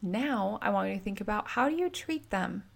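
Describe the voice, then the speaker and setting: A woman in her thirties hosting a relationship podcast, telling stories in a chatty, animated way and filling her talk with "like". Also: mid-range voice, moderate pace, creaky. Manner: chatty, animated storytelling with frequent "like". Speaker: podcast host and relationship coach. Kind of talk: casual solo podcast monologue.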